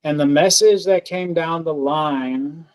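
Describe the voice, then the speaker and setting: A man speaking slowly and earnestly, his voice sitting a little high for a man. He tells a personal story as a podcast guest, halting often, restarting his sentences and filling gaps with words like "like". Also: smooth, low-quality recording. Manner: slow, halting, earnest, with many fillers and restarts.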